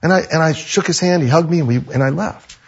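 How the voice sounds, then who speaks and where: A man's voice: a little high, fast talker, breathy edge. A male pastor preaching a sermon, telling stories animatedly and acting out the dialogue on a slightly muffled recording. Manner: animated storytelling, acts out dialogue.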